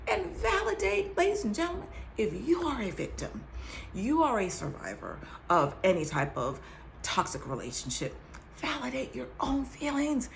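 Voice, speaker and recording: A woman's voice: medium pitch, wildly swooping pitch, measured pace, vocal fry, a little hiss or hum. A woman giving an earnest faith-based talk, emphatic, dropping into whispers and laughing between phrases. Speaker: survivor sharing testimony.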